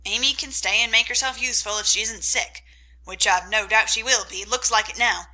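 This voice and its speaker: A woman voicing a gruff, sharp-tongued rich old aunt in a storybook reading. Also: a little high, fairly quick. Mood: scornful. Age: older. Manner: gruff and scolding.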